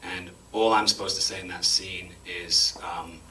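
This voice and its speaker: Deep-voiced man, chatty and wry. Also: steady tone, pushed and bright. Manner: chatty and self-deprecating, quick to laugh. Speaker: actor answering audience questions. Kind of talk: festival Q&A after a screening. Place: cinema auditorium before an audience. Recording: distant mic with faint room noise.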